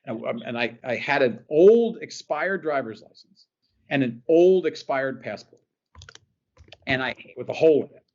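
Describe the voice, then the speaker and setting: A man from New Jersey, appearing as a podcast guest, earnestly tells an emotional personal story in an interview, often repeating phrases. His mid-range voice is a little mellow, with lively intonation, a moderate pace and lo-fi sound.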